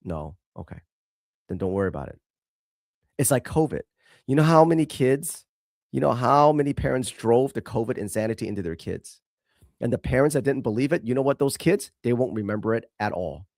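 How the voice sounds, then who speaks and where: Host type, male, medium pitch, blunt and emphatic, dry close sound. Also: a little fast, a little mellow, dry recording. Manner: blunt, emphatic, swears freely. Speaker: show host. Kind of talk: opinionated commentary show.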